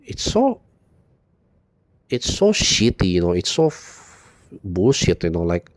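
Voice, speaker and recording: A man's voice: sits low, wildly swooping pitch, slow pace. A man giving an unscripted video monologue, rambling and profane, repeating "you know" constantly in a bitter tone. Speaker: video blogger.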